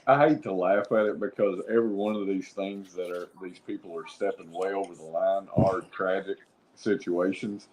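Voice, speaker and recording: A man's voice: sits low, steady tone, moderate pace, darkish tone, a little hiss or hum, rough recording. A man co-hosting a casual chat who speaks in an earnest, reflective way. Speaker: co-host.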